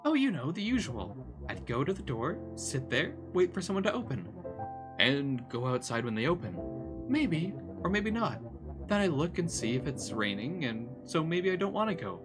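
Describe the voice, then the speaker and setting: A man's voice: on the high side, very animated, normal speed. A man voicing a prim, talkative female cat in a visual novel, lilting and chatty, over game music. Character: prim talkative female cat who loves crunchy bits. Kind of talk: voice-acting a visual novel on stream. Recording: music playing behind.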